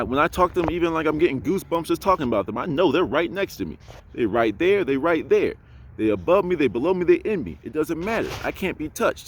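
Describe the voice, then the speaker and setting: A man's voice: a little high, slight background noise. A man vlogging outdoors in a casual monologue, blunt, preachy and self-assured as he talks about spirituality. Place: outdoors in an urban area.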